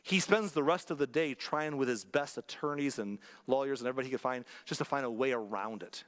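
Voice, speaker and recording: A man's voice: medium pitch, fast talker, a bit bright, in a large hall. A male pastor preaching a sermon, telling a story conversationally and driving points home through emphatic repetition. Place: church sanctuary.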